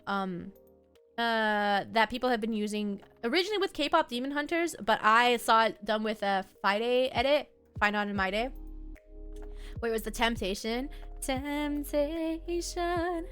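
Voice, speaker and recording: A young woman chats casually to her viewers, rambling from one thing to the next. Her voice sits a little high, and she laughs often between thoughts. Soft music plays faintly behind her. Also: clean tone. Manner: chatty, rambling, quick to laugh. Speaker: streamer. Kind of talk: casual chat.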